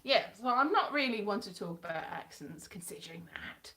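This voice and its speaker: Lively chatty woman. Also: mid-range voice, moderate pace. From South Wales. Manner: rambling, self-deprecating, chatty. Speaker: live-stream host. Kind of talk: casual live-stream chat.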